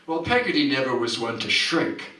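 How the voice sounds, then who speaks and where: A man's voice: medium pitch, sing-song, moderate pace, bright, forceful tone. A man at a community coffeehouse reciting a rhyming story poem with rhythmic, theatrical delivery. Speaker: performer. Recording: roomy hall, distant mic.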